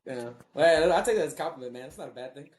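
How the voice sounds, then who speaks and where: Young male co-host, lively swearing storyteller who laughs a lot; roomy echo on the voice. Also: a little high, very fast. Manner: animated, profane, laughs often, slangy. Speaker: podcast co-host. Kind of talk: casual storytelling chat.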